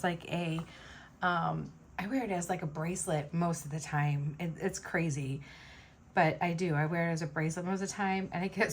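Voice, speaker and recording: A woman's voice: lowish voice, a little hiss or hum. A woman vlogger chatting casually and rambling with many fillers while she makes beaded jewelry at home. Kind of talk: casual chat while beading.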